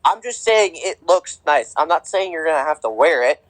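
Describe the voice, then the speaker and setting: A man's voice: fairly high pitch, lively intonation, normal speed, no echo, poor audio. A young man co-hosting a podcast, chatting casually about sports with a rambling, filler-heavy way of talking. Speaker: podcast co-host.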